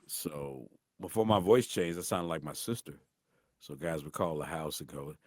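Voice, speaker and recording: A middle-aged man from St. Louis with a deep voice, telling animated stories as a guest voice actor in a casual interview. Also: normal speed, no room sound, studio quality. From St. Louis, USA. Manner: animated, acts out voices in anecdotes.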